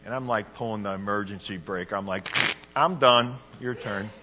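A man preaching a casual, excitable sermon, now and then bursting into shouts. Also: on the low side, brisk, background noise. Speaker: guest preacher. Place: church sanctuary. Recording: dull lo-fi recording in a reverberant church.

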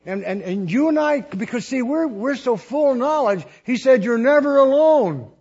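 Older male preacher, husky higher voice, folksy storytelling sermon, dull lo-fi sound. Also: lively intonation, normal speed, darkish tone. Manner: folksy, rambling with restarts and laughs. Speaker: missionary preacher.

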